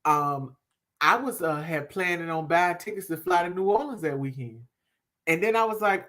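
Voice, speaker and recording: A woman co-hosts a casual podcast. Her voice sits low but swoops widely as she tells stories. She sounds lively and expressive. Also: fairly quick. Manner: lively storyteller, expressive swings. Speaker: podcast co-host. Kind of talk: casual chat.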